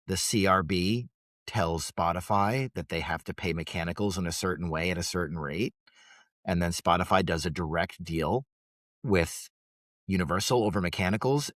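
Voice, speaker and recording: A man co-hosting a podcast, explaining points in a measured, lecturing way. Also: deep voice, dry recording, studio quality. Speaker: podcast co-host. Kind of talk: casual podcast discussion.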